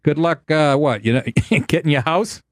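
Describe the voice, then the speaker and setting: A man's voice: on the high side, normal speed, no echo, clean studio sound. A man hosting a talk radio show, blunt, profane and argumentative as he needles his guest. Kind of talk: combative talk radio banter.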